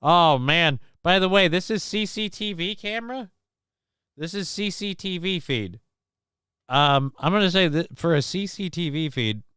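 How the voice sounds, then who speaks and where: Man, stream host, sarcastic running commentary, slightly high voice, very clear, dry close mic. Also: fairly bright tone, dry recording. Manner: rambling, sarcastic, mock voices for people in clips. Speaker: show host. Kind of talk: casual live-stream commentary on news clips.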